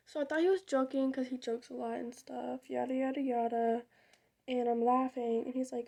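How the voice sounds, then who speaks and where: A woman's voice: sits high, fairly even intonation, moderate pace, creaky, mellow. A young woman telling a rambling, candid story in casual vlog style while doing her makeup, with muttered side remarks. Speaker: vlogger.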